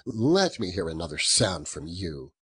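A man voicing a grumpy, scornful old miser in a storybook reading, with drawn-out, high, strained retorts. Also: sing-song, fairly bright tone, husky, exaggerated voice. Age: older. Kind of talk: audiobook character voice.

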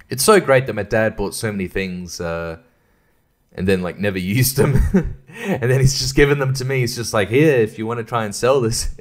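A young man hosting a casual solo podcast, rambling and swearing, often laughing at himself. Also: medium pitch. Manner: rambling, profane, self-mocking with frequent laughs. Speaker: podcast host.

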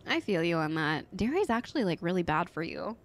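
A woman's voice: on the low side, sing-song, a little fast. Brief: female let's-play streamer, giggly casual commentary. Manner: giggly, chatty reactions.

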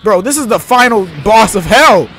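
Excitable young man narrating gameplay. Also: high voice, moderate pace, a little hiss or hum. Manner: animated, excitable, slangy. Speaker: gamer. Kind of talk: live gameplay commentary.

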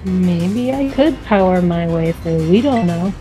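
A woman guest chatting casually during a let's play, relaxed and asking curious questions. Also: fairly low pitch, a little slow, faint music behind, low-quality recording. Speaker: guest co-player. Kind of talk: casual gameplay chat.

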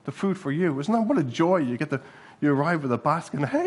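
A male pastor delivers a sermon in a church hall, earnest and animated. His voice sits a touch high for a man and has a husky, breathy edge. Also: quick pace. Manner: earnest, animated, with sudden bursts of laughter.

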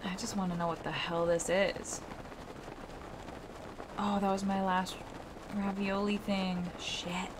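A woman of middle pitch chats to herself as she plays a game live, swearing freely. Her talk is slow and unhurried. A clear hum of background noise sits under her voice. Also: flat delivery. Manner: chatty, swearing, talks to herself. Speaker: streamer playing a video game. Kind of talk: casual live-stream commentary.

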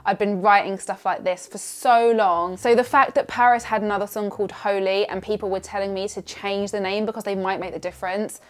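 A woman's voice: medium pitch, steady tone, a little fast, few pauses. A young woman from Surrey with a southern English accent, talking casually and sarcastically as she reads out comments. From Surrey, England. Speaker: singer and YouTuber. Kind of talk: casual vlog reading comments.

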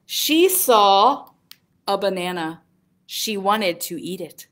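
A woman's voice: mid-range voice, very animated, slow pace, pauses often, a bit bright. A woman, a children's librarian, reading picture books aloud at storytime. She speaks in a sing-song way and asks young listeners questions.

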